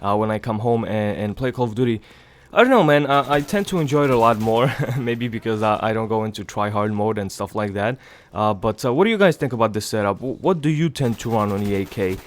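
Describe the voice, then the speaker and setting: A young man with a stuffy nose from a cold, giving rambling, casual gameplay commentary in a hushed low voice so he won't wake anyone at home. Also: brisk, slight background noise. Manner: hushed low voice to avoid waking others; rambling, many fillers, swears casually. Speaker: gaming channel host. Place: home, early morning.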